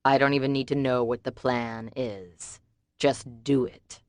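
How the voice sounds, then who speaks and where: A woman's voice: extremely low pitch, level tone, unhurried, darkish tone, no room sound, studio quality. A woman voicing a cold, threatening male crime boss in clipped lines, for an audiobook. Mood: menacing.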